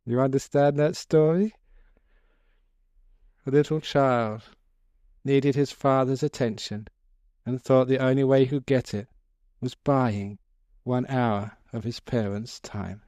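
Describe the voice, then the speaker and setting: Monk guy giving a funny dharma talk, chatty and chuckling, smooth clear voice, dry close sound. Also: medium pitch, steady tone, slow pace, long pauses, darkish tone, dry recording. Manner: jokey, chuckling, conversational. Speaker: Buddhist monk and teacher. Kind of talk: humorous storytelling dharma talk. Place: talk to a live audience.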